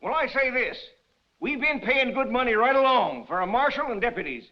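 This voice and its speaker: A man's voice: very high voice, lively intonation, a little fast, very noisy. An actor playing a townsman complaining argumentatively, on an old lo-fi film soundtrack. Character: grumbling male townsman refusing to fight.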